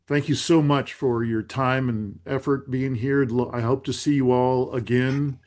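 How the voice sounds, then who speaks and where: A man hosting an online group session, speaking in a gentle, halting and thoughtful way as he thanks everyone. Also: mid-range voice, steady tone. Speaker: host. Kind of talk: reflective group facilitation.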